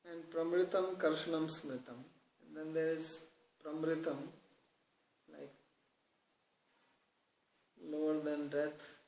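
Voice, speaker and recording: A man teaches from scripture in a gravelly, fairly high voice. He explains each term slowly, then tells joking stories to make his point. The sound is echoey, as if from a bare room. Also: level tone, darkish tone, a little hiss or hum. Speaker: spiritual teacher. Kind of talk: scripture discourse with humorous stories.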